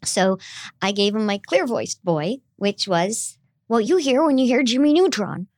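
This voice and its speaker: A woman's voice: on the high side, animated, unhurried, darkish tone, no echo, clean studio sound. A middle-aged woman voice actor with a youthful, girlish-sounding voice, chatting animatedly as an interview guest. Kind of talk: casual interview chat.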